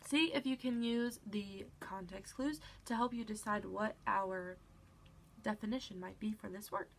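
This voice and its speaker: A female teacher with a stuffy nose speaks at medium pitch and a measured pace with vocal fry, patiently and encouragingly leading children through a reading lesson. She checks in often with "all right," and there's slight background noise.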